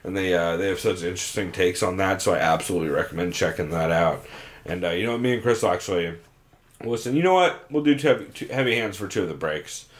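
A man's voice: low voice, animated, quick pace. Laid-back man talking fight podcast. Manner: loose and profane, with many fillers and restarts. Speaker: podcast co-host. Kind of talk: casual podcast chat.

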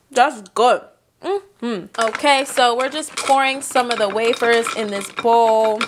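A young woman chatting excitedly as she narrates a cooking attempt in her home kitchen. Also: high-pitched, noisy background. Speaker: vlogger. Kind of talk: casual kitchen vlog.

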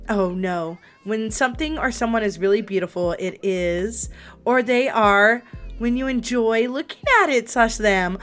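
A woman's voice: on the high side, fairly bright tone. A young woman streaming a life-sim game, chatting casually to her viewers with lots of giggles and exclamations. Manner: bubbly, giggly, talks to chat. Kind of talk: casual gameplay commentary.

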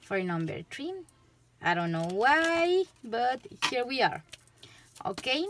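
A Spanish-accented tarot reader talks loosely and giggles her way through a reading to camera. Her high, sing-song voice is slow and fairly bright, with slight background noise.

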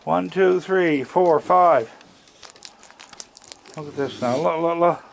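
A man with a gravelly, creaky voice speaks slowly and fondly while handing out food outdoors. His pitch sits a little high for a man, and he talks to the animals as if they were old friends. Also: slight background noise. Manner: slow, gravelly, chatting fondly to raccoons. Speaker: raccoon feeder filming his yard. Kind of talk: casual talk to animals. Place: outdoors at a house deck.

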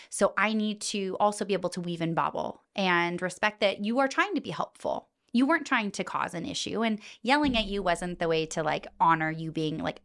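A woman in her thirties, a podcast guest chatting casually and reflectively as an animated storyteller. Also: mid-range voice, smooth.

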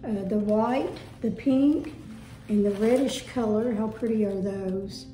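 Speaking slowly in a warm, medium-pitched voice, a woman with a Southern US accent casually shows off her home decor haul. She is chatty and folksy and gushes over the items. Faint music can be heard in the echoey room.

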